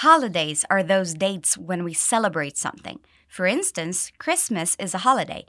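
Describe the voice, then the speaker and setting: A woman teaching English pronunciation, reading dialogue lines and slowly modelling phrases for learners to repeat. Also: medium pitch, sing-song, sharp tone, dry recording, clean studio sound. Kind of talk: pronunciation lesson with repeat drills.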